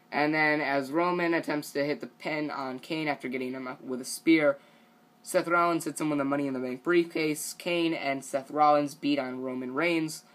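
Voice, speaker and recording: A man's voice: fairly high pitch, a bit bright. A man casually recapping a wrestling show for his vlog, rambling with lots of "you know" and "like" and the odd swear.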